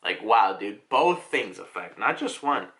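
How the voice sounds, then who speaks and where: A man casually recapping a comic chapter in an excitable, slangy way. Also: on the low side, measured pace. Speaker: manga reviewer.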